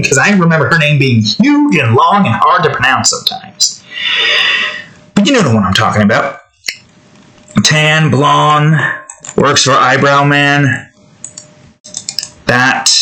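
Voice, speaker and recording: A man's voice: medium pitch, pushed and bright, low-quality recording. Rambling young man chatting while drawing. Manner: rambling, joking, self-interrupting, sings snatches off-key. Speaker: art streamer. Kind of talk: casual chat while drawing.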